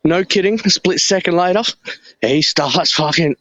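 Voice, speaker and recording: A man with a fairly high voice tells a crude story, acting out the other people in it. The sound is dry and close. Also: normal speed, no echo. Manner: animated storyteller, voices characters loudly. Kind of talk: casual chat.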